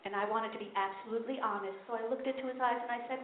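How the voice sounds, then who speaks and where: A woman from New York City performing an animated stand-up comedy set, acting out her family. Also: a little high, very fast. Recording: echoey noisy phone-like live recording.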